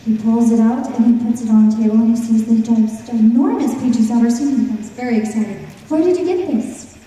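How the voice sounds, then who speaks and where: A woman's voice: fairly high pitch, little pitch movement, brisk, mellow. A woman telling a folk tale to a live audience, with playful, teasing asides to the listeners. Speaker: storyteller. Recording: echoey hall from far off.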